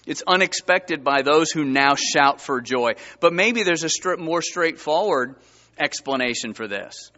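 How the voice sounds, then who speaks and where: A pastor delivering a sermon in a lively, emphatic way, often jumping up in pitch as he reads scripture aloud. His voice is bright and slightly higher than usual. The recording is a little dull and lo-fi. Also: measured pace. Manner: animated preaching, rising emphatic pitch and reading scripture aloud.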